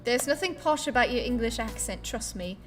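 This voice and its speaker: A woman's voice: on the high side, expressive, a little fast, faint music behind. A woman from Ohio with a Midwestern American accent, chatting casually on a live game stream, reading viewer questions and swearing now and then. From Ohio, USA. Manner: chatty, playful, swears casually, squeals at pets. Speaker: Twitch streamer.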